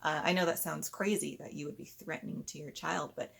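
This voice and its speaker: Woman with a low, gravelly voice. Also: fairly even intonation, brisk. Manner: conversational, patient explaining with soft acted-out parent lines. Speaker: parenting educator. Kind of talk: explanatory talk.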